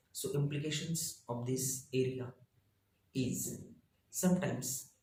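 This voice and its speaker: Slow man reading a lesson. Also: mid-range voice, a little mellow, reverberant, a little hiss or hum, poor audio. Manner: slow, halting, reads in short phrases. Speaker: teacher. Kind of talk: reading lesson slides aloud.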